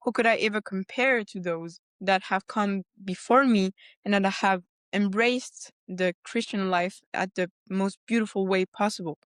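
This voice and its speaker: A woman guest on a podcast telling her personal story earnestly, breaking into animated retellings and laughter. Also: mid-range voice, a little slow, few pauses, no room sound, clean studio sound. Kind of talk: personal testimony in a conversation.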